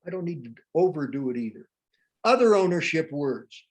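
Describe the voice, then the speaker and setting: A man's voice: fairly high pitch, very animated, normal speed. A man presenting a live workshop, teaching through humorous everyday anecdotes.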